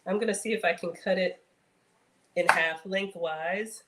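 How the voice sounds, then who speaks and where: A woman's voice: fairly low pitch, a little slow, echoey room, heavy background noise. A woman hosting a casual cooking livestream, chatting to viewers as she works. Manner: chatty, addresses viewers as y'all; playful outbursts and sing-song bits.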